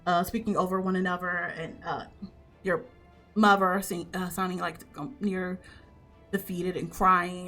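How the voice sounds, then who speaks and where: A woman's voice: on the low side, a bit bright. A woman narrating a tabletop game as game master, casual and full of fillers.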